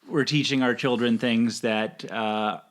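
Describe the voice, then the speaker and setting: Brief: slow-talking co-host, halting, agreeable, mid-pitched. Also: steady tone. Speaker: podcast co-host. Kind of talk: casual podcast chat.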